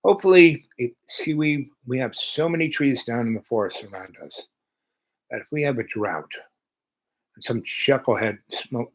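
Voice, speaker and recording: A man's voice: medium pitch, poor audio. A man in his seventies telling rambling personal stories in a chatty, meandering way. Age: 70s. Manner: meandering, chatty, jumps between thoughts. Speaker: channel host.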